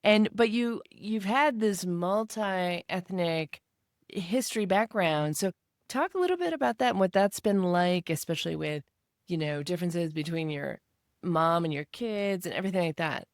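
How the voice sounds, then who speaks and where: A woman's voice: fairly low pitch, normal speed, dry recording, clean studio sound. A woman hosting a casual podcast interview, encouraging her guest and laughing readily. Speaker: podcast host.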